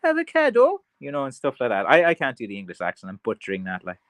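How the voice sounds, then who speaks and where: A man's voice: on the low side, expressive, rapid-fire, a bit bright, no room sound. Rambling Irish man, dry close sound. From Ireland. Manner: rambling and chatty, many fillers and restarts. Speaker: craft seller hosting a livestream. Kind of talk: casual livestream chat, reading viewer comments.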